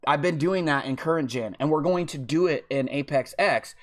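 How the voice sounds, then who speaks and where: A man with a fairly high-pitched voice talks off the cuff as a game league's commissioner. He lectures his members bluntly and swears freely. He keeps checking in with "okay?" to press each point. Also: normal speed. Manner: repeats "okay?" to drive points home. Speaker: online football video game league commissioner. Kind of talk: casual unscripted monologue.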